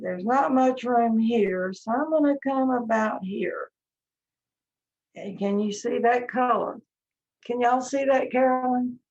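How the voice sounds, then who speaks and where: Slow gentle woman teaching painting. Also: on the high side. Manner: slow, gentle step-by-step instruction. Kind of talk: live online painting lesson. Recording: dull lo-fi stream audio.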